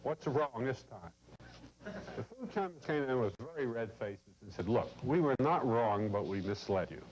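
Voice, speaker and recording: A man giving a lecture to a corporate class, telling a long story in a blunt, salty, animated way. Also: medium pitch, moderate pace. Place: lecture room. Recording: muffled old videotape with faint hiss.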